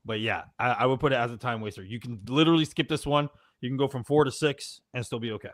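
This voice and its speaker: A man's voice: medium pitch, fast talker, no echo. A man arguing on a panel show, in heated casual banter, swearing constantly and pressing his points hard. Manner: profane, emphatic, swears constantly.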